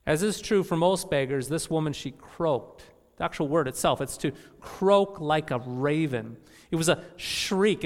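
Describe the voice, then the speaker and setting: A man's voice: a little high, big-room sound. A male pastor preaching a sermon in an emphatic way, often repeating phrases for effect.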